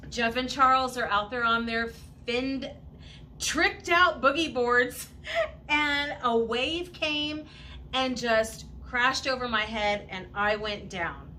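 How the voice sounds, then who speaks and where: Woman host, unhurried casual storyteller, bright tone, faint background hiss. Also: a little high. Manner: animated, laughing storyteller with many asides. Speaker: channel host.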